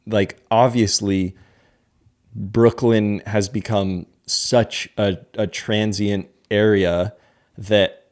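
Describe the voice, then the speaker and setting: A man's voice: on the low side, level tone, drawn-out words. A man co-hosting a podcast in casual chat, rambling and hedging with lots of filler words. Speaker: podcast co-host.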